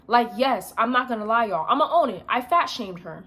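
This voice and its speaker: A woman's voice: on the high side, lively intonation, moderate pace, hardly any pauses, a bit bright. A young woman vlogging, telling a story in a blunt, emphatic rant full of slang.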